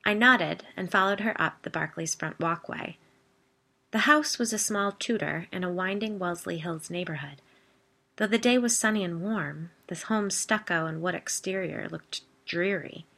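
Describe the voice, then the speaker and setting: A woman narrating a first-person story in steady, expressive scripted reading. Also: fairly low pitch, gravelly. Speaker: audiobook narrator.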